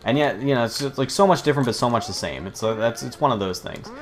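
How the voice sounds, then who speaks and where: A man's voice: medium pitch, animated, fast. Rambling, profane young man. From United States. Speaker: let's play host. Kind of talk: casual gameplay commentary.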